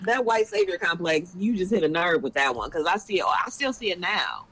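Animated young woman, former teacher. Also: on the low side, a little fast, breathy edge, rough recording. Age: young adult. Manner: animated, acts out quoted voices. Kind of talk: casual podcast chat.

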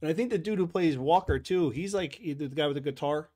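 A man's voice: fairly high pitch, a little fast, mellow. Rambling, teasing male podcast host. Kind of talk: casual chat.

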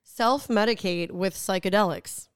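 A woman co-hosting a casual chat, asking quick amused questions and adding asides. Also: mid-range voice, clean tone, dry recording, studio quality. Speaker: podcast co-host.

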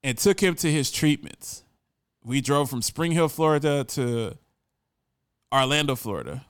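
A man in his forties recounts a personal story in an earnest, reflective way, often restarting on a word. His voice sits a little higher than most men's and comes across smooth and clear. The close mic leaves the sound dry, with almost no room. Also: a bit bright, no echo. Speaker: storyteller remembering his grandfather.

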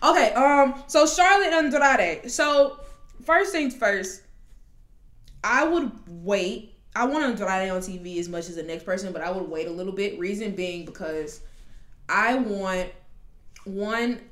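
A woman hosting a casual podcast, talking animatedly and quickly with plenty of asides. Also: medium pitch, animated, a bit bright. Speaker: podcast host. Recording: roomy echo.

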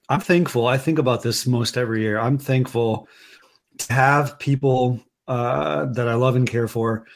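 A middle-aged man co-hosting a sports podcast, earnest and enthusiastic as he talks. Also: mid-range voice. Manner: earnest, warm-hearted, enthusiastic. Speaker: podcast co-host. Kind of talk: casual sports podcast chat.

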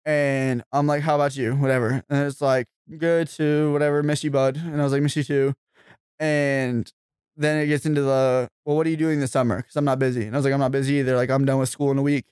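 Young man, casual chat, ranting and cursing, clear tone, dry close sound. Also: medium pitch, flat delivery, quick pace, a little mellow, no room sound. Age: young adult. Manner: ranting, profane, gets heated.

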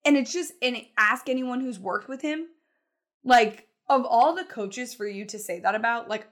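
A woman co-hosting a sports podcast, giving quick, chatty takes on college football. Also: on the high side, a bit bright. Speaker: podcast co-host. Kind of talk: casual sports talk.

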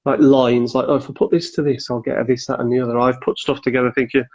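A man, chatting casually on a podcast about keeping and breeding reptiles, animated and quick to act out little exchanges. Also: medium pitch, breathy edge. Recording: dull lo-fi sound.

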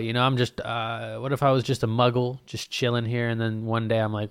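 A man's voice: medium pitch, little pitch movement, brisk, few pauses, clear, resonant tone, no room sound, studio quality. A man, hosting a podcast alone in a casual, profane, rambling and jokey way. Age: 20s. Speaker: podcast host. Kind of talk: casual solo podcast rant.

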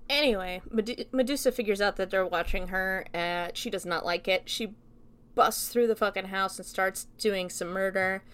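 A woman's voice: medium pitch, normal speed, a bit bright, clean tone. Chatty young woman reviewing a film. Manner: loose, chatty retelling with frequent swearing and laughs. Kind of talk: casual spoken review.

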